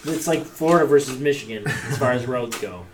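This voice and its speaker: A man's voice: medium pitch, fairly quick, music in the background. A man narrating as game master of a tabletop game in a laid-back way. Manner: laid-back, laughs often.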